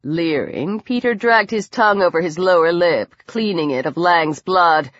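Higher-voiced woman narrating an audiobook. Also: unhurried, hardly any pauses, fairly bright tone, dry recording. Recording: dull, dry lo-fi recording.

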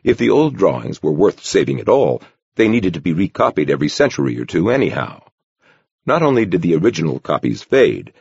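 A male audiobook narrator with a low, gravelly, husky voice and a very lively pitch line. He tells the story in a measured way. The recording is dry and dull, a bit lo-fi. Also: no echo. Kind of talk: scripted narration.

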